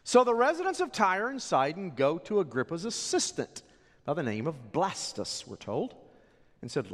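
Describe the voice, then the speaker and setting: A man preaching a sermon as a pastor, telling the story with animated drama. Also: a little high, normal speed. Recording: long hall reverb.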